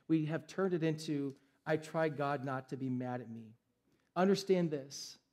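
A man's voice: fairly high pitch, darkish tone. A young adult man, a pastor preaching a sermon in an emphatic, conversational way.

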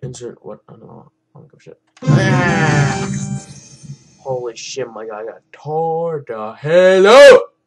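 A young man hosts casual gameplay commentary for his own channel. He rambles loosely, swears freely and often lets his words sink into low mumbles. His voice sits at an everyday middle pitch. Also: expressive, normal speed, over loud music. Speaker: gaming channel host.

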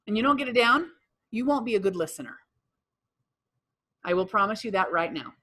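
This real estate sales trainer runs a live workshop, questioning the room and repeating the audience's responses back. She has a mid-range voice with a sharp tone.

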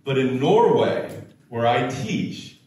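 Slow-paced man telling a story in an echoey hall. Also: medium pitch, sing-song, a little mellow, far from the mic, lo-fi sound, a little hiss or hum. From United States. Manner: slow, dramatic storytelling with acted quotes. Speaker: keynote speaker. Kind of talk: storytelling talk on stage.

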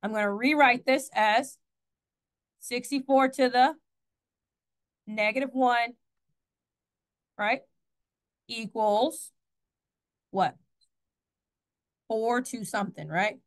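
High-voiced woman teaching math class. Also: takes it slowly, long pauses. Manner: chatty, asks the class questions, corrects herself.

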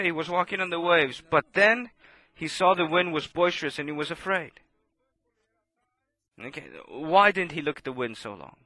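A man preaching a sermon, impassioned and swinging between loud outbursts and hushed asides. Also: a little high.

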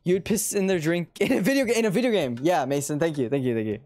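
A young American game streamer talking casually over their play, rambling and laughing often. The voice sits mid-pitch, relaxed and conversational. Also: fast. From United States. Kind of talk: casual live-stream commentary.

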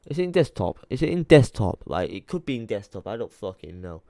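A man's voice: fairly low pitch, sing-song, fairly quick, dark tone, no room sound, studio quality. A young man ranting to camera, rambling and swearing as he mutters to himself while searching his computer late at night, tired. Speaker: YouTuber. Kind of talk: frustrated rant to camera.

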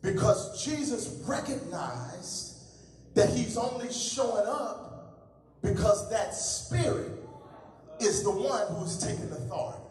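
A man pastor delivering an impassioned call-and-response sermon in a church, building to shouts. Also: sits high, very animated, slow pace. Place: church sanctuary. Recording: echoey hall from far off, congregation audible. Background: congregation.

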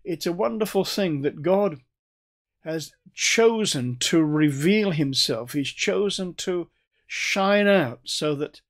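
An older male preacher delivers a Bible teaching, his voice sitting a little high for a man. He talks steadily and slows down to give weight to the words he wants to stress. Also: lively intonation. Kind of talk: sermon.

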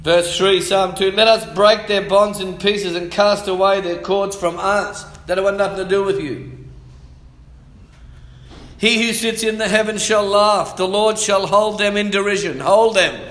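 High-voiced preacher in echoey church. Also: male voice, a little slow. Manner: lively preaching, calls for amens, reads scripture aloud. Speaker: pastor. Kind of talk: sermon. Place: church hall.

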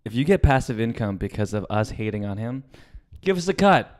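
A man co-hosting a comedy podcast in casual chat, animated and mocking, often laughing. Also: mid-range voice, a little fast. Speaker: podcast co-host.

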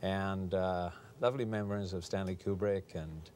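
A middle-aged English man being interviewed, hesitant and soft-spoken with a dry wit. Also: deep voice, fairly even intonation, normal speed, slight background noise. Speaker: actor, interview guest. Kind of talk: casual TV interview.

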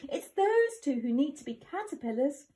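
Woman reading as a clever nervous little boy, slightly raised voice, lively. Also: sits high, moderate pace, voice pushed up. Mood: crafty. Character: crafty young boy, nervous but clever.

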